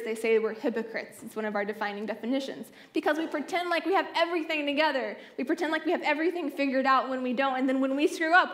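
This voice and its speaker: A woman in her thirties giving a personal testimony talk at a conference, telling her story in an animated way and acting out the voices of the people in it. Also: high voice. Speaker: conference speaker. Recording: echoey hall sound.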